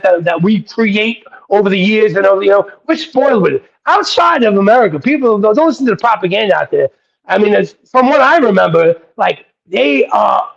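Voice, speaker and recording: A man being interviewed as a guest rapper, telling excited, rambling anecdotes full of profanity. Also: high voice, creaky. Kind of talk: casual interview storytelling. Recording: dull lo-fi audio.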